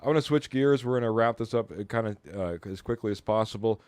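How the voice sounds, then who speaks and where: A man's voice: on the low side, fast talker, darkish tone, smooth, dry recording. A man hosting a casual sports chat, chatty and steering the talk between guests. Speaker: host.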